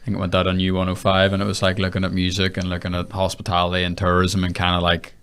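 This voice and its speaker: A man's voice: sits low, completely flat delivery, quick pace, fairly bright tone, clean tone. A man hosting a podcast, asking questions in a chatty, loose way. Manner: chatty, many fillers like "kinda". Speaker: podcast host. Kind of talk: casual interview.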